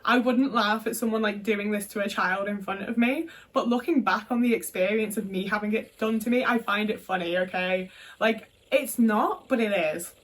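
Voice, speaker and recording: A woman's voice: mid-range voice, moderate pace, far from the mic. A young woman from the UK telling a personal story in casual talk, frank and full of swearing and filler words. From United Kingdom. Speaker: vlogger.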